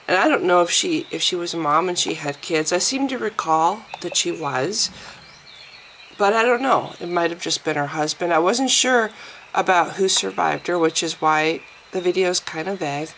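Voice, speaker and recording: A woman vlogs at home, talking slowly and rambling with candid restarts. Her asides turn self-deprecating, and a faint hum sits behind her voice. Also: on the low side, fairly bright tone. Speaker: video blogger. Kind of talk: casual personal vlog.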